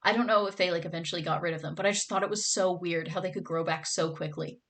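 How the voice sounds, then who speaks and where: A woman's voice: lowish voice, fairly even intonation, quick pace, fairly bright tone. A young woman streaming, chatting casually with her viewers and reading their comments aloud, gushing and bubbly, with lots of "like" and "oh my god".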